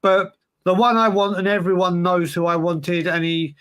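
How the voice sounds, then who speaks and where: Male podcast co-host, high pitch, emphatic and rambling. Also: fairly even intonation, normal speed, fairly bright tone, smooth. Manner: rambling, restarts, emphatic opinions. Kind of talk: casual football chat.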